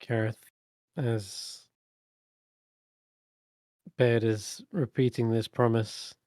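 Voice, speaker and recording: A man narrating as dungeon master in a tabletop game, halting and self-correcting, laughing often. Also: mid-range voice, flat delivery, warm tone, no room sound, studio quality.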